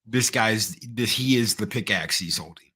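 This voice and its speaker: A man's voice: on the low side, moderate pace, bright, forceful tone, husky. A man co-hosting a casual movie review chat, enthusiastic and acting out scenes as he talks. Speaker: podcast co-host.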